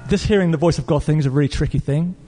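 An Englishman preaching a sermon, telling a story in an earnest, animated way with fillers and restarts. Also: on the high side, rapid-fire, faint music behind. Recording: long reverb of a church hall.

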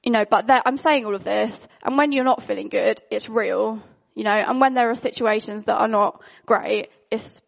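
Candid woman preaching, gravelly. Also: a little high, normal speed, hardly any pauses, dull audio. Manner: candid, conversational, frequent fillers. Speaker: worship speaker. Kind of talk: informal sermon.

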